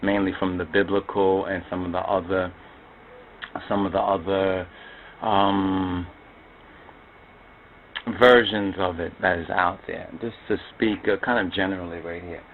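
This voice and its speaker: A man's voice: low-pitched, flat delivery, a little slow, pauses often. A man giving a loose, spoken lecture on religious history, often repeating and restarting his phrases. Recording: tinny phone-like audio with faint noise.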